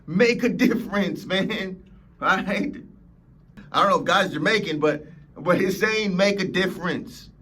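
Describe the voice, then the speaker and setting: A man's voice: sits high, a little slow, fairly bright tone, breathy edge. A man hosting a motivational podcast, preaching emphatically and acting out whiny complainers. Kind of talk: motivational talk.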